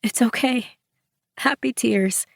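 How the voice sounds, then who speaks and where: A woman's voice: medium pitch, flat delivery, measured pace, no echo, clean studio sound. A woman narrator voicing a frightened but brave young female death-row prisoner who speaks with a trembling voice. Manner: trembling, forcing a smile.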